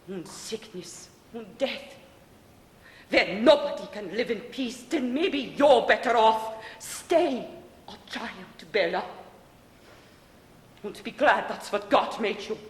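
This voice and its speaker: Stern, guarded old grandmother, played by a woman on a live stage; curt commands, heard from a distance in a reverberant theater. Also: medium pitch. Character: stern, bitter elderly grandmother, shopkeeper. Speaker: stage actor. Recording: reverberant theater from far off, faint hiss.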